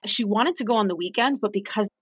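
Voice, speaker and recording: A young adult woman, a podcast guest, telling her story in a casual, animated way and acting out what she and others said. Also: medium pitch, quick pace, husky, no room sound, lo-fi sound. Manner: animated, quotes herself and others in lively voices.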